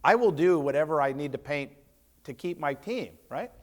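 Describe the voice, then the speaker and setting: A man on stage at a seminar spins a story, his voice on the higher side for a man as he acts out both sides of old conversations. He talks in quick bursts full of restarts and asides, dropping low and quiet for the people he quotes. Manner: animated storyteller acting out dialogue, lots of restarts. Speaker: seminar speaker, martial arts school owner. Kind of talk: storytelling talk to a seminar audience.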